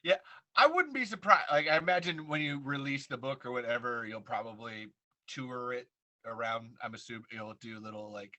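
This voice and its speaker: A young adult man hosting a relaxed interview, playful and quick to laugh. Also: medium pitch. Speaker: podcast host. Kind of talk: casual interview chat.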